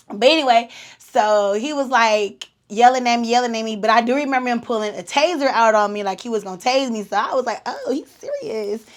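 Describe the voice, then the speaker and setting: A woman, hosting a podcast and telling a story in an animated, slangy way with laughs. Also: medium pitch. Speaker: podcast host. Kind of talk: casual storytelling.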